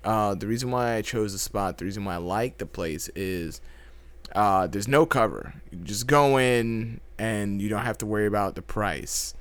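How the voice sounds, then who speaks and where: A man co-hosting a casual podcast, explaining things in a measured way with a few restarts. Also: fairly low pitch, a bit bright, clean tone, no echo. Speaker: podcast co-host. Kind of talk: casual conversation.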